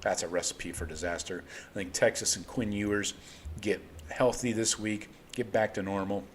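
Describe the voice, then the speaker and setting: Man, sports show host, fairly low voice, casual rambling talk, profane, faint room noise. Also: fairly even intonation, moderate pace.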